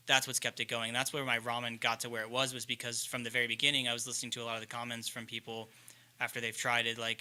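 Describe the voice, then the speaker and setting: Man, chef, casual podcast talk, even pitch, flat delivery, rapid. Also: clean tone. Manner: earnest, explains at length. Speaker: chef and ramen maker.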